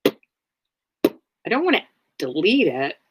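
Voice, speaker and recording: A woman's voice: on the low side, big pitch swings, slow pace, noisy background. A woman hosting a casual livestream, answering viewers in a blunt, rambling way with many fillers. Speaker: livestream host.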